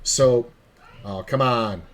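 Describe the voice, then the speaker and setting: A man's voice: medium pitch, slow pace. Poker streamer guy rambling through a cuss-heavy story, typing and clicking in the background. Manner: profane, chatty anecdote with quoted dialogue. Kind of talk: casual storytelling while playing online poker.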